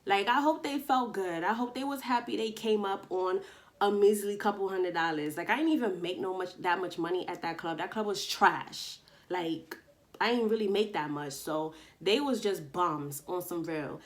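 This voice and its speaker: A woman tells a casual storytime to her camera, her delivery slangy and animated. She slips into the voices of the people she's quoting as she goes, in a plain middle register. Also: medium pitch, moderate pace. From Long Island, New York. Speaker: vlogger. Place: indoors at home, daytime.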